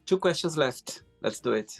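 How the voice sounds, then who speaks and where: A male host asking interview questions over a remote call, reacting with quick, expressive exclamations. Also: a little high, gravelly, loud music behind the voice.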